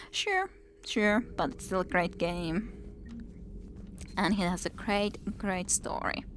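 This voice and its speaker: Woman streamer, chatty and rambling, lower pitch, casual commentary. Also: a little hiss or hum. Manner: chatty, reads game text aloud.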